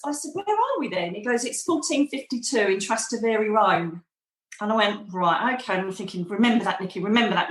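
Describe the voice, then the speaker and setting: A woman's voice: medium pitch, a bit bright, reverberant, poor audio. A middle-aged woman, a podcast guest, telling a personal story animatedly and acting out quoted voices. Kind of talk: storytelling in an interview.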